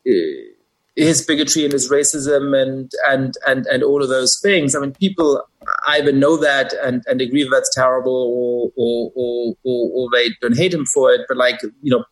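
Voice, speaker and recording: A man's voice: medium pitch, fairly bright tone, poor audio. A man with a German accent, a podcast guest, making his case analytically with many hesitant fillers. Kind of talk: podcast conversation.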